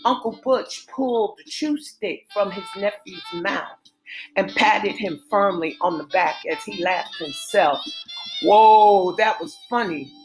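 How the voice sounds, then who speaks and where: Woman reading an audiobook slowly over faint guitar music. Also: medium pitch, rough recording. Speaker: narrator. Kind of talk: audiobook narration. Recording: soft guitar music behind.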